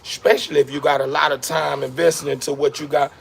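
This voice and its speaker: Man, high pitch, gravelly, preachy repetitive motivational talk, faint background hiss. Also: little pitch movement, quick pace. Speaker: dog breeder vlogger. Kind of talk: casual motivational talk to camera.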